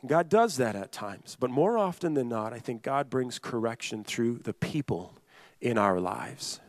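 A man's voice: mid-range voice, animated, measured pace, dry recording. A man delivers a sermon in a mid-range voice, earnest and emphatic. He restates his points and turns straight to his listeners. The recording is dry and close. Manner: earnest, repetitive preaching with emphatic restatements and direct address. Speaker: pastor.

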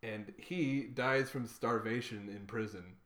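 A man's voice: fairly low pitch, takes it slowly, echoey room, a crowd in the background. A man co-hosting a casual livestream from a living room, telling a long story in a rambling way and swearing freely. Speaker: livestream co-host. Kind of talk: casual chat.

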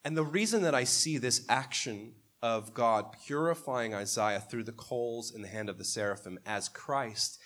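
A man preaching a sermon in a conversational, animated way, often asking the congregation questions. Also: mid-range voice, moderate pace, few pauses. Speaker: pastor.

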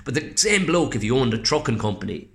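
An Irish man chatting casually as a podcast guest, swearing freely and telling animated stories before a gig. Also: mid-range voice, quick pace. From Ireland. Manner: swears a lot, animated storytelling. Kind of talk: casual chat. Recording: roomy echo.

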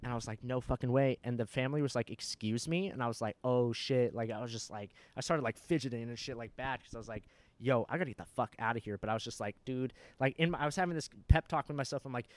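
A man's voice: medium pitch, fast, no room sound. A young man hosting a podcast, telling a story in casual, profane chat, full of filler words. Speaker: podcast host.

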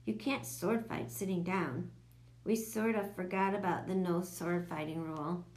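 A woman narrating a children's audiobook in a lively, expressive way. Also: fairly low pitch, measured pace.

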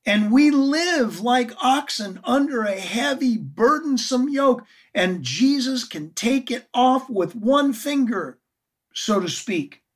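Slow, husky woman teaching a sermon. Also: fairly high pitch. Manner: earnest, expressive, asks the audience questions. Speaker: Bible teacher.

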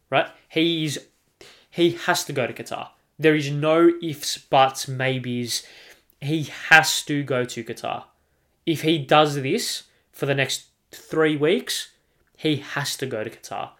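A man's voice: on the high side, slow, a bit bright. Emphatic Australian man ranting. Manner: emphatic, repeats himself, swears freely. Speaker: podcast host. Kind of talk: solo sports podcast rant.

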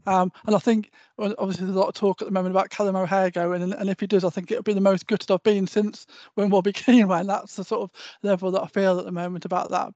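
A woman's voice: medium pitch, a little mellow, dry recording, muffled recording. A woman hosting a casual fan chat, chatty, often repeating words and laughing. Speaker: podcast host.

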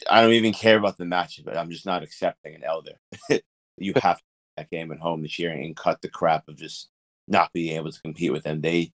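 A man co-hosting a casual sports podcast, talking in an animated way, laughing often and restarting his sentences. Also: low voice, fairly quick, no room sound. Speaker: podcast co-host.

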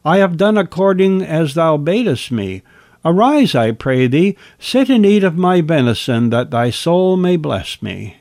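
A man's voice: fairly high pitch, very animated, unhurried, darkish tone, no echo, clean studio sound, pitched above the performer's own voice. A man voicing a deceitful young son in a scripture reading, speaking archaic lines with a pious lilt. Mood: eager.

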